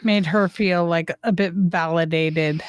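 A woman co-hosting a reality-TV recap podcast, talking in a brash, animated way with heavy swearing. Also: lowish voice, a little slow, smooth, no echo, clean studio sound. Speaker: podcast co-host. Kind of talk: casual reality-TV recap chat.

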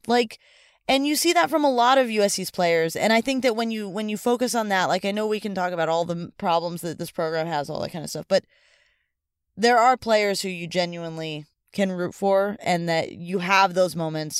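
Co-host type, smooth clear voice, dry sound, chatty rambling storyteller, upbeat. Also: mid-range voice, no echo. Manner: rambling, many "like" and "you know" fillers; enthusiastic, upbeat. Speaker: sports podcast co-host. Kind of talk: casual chat, retelling a story.

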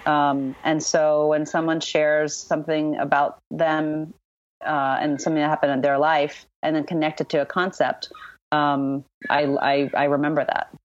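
A woman's voice: sits low, little pitch movement, moderate pace, dry recording. A woman guest author answering podcast interview questions thoughtfully, with many ums and restarts. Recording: dull, dry lo-fi sound.

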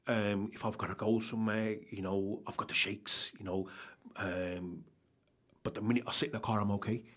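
Man, husky, low-pitched, earnest, rambling personal account, interview. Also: steady tone, moderate pace, fairly bright tone. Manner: earnest, rambling, keeps asking "do you understand?". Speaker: charity organiser telling his story.

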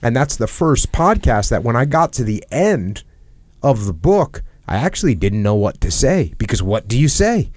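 A man's voice: mid-range voice, very animated, moderate pace, a little mellow, no echo. A man hosting a podcast, talking earnestly in a reflective conversation and repeating phrases for emphasis. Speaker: podcast host. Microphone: headset.

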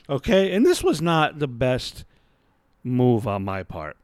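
Sprawled on his bed at home, a thirtysomething podcaster tells a profane, self-deprecating, wandering tale. His fairly high voice swings widely in pitch and moves slowly, captured at studio quality with no room sound.

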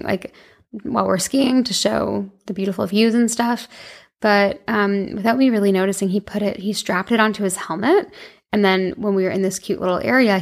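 A young woman in her twenties casually telling a personal story to her viewers, chatty and emotional, with many fillers and restarts. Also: mid-range voice. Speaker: vlogger.

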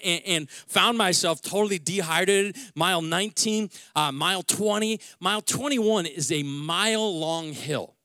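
Bright-voiced man preaching a sermon. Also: sits high, no echo, studio quality. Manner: conversational and animated, with many restarts. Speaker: pastor. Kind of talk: sermon with personal story.

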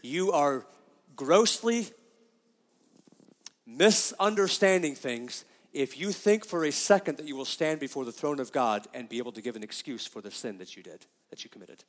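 A man's voice: medium pitch, expressive, normal speed, big-room sound. A middle-aged man preaching a sermon as pastor, emphatic and often asking his congregation questions.

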